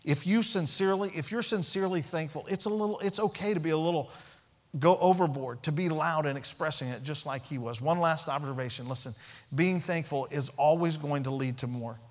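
A man's voice: fairly high pitch, fairly quick. A man preaching a sermon as pastor, emphatic, repeating key phrases and asking rhetorical questions.

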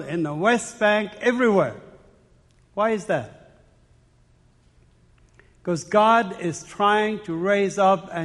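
A guest preacher from the Middle East, a man with a fairly high voice, speaking earnestly to a congregation. He mixes personal stories with urgent calls to prayer. His voice rings with the long reverb of a big church hall. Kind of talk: sermon with anecdotes. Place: church sanctuary.

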